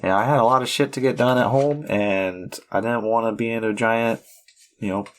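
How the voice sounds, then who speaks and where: A man's voice: mid-range voice, steady tone, moderate pace. A young man co-hosting a film podcast in casual chat, laid-back and laughing often, with the odd swear word. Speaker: podcast co-host.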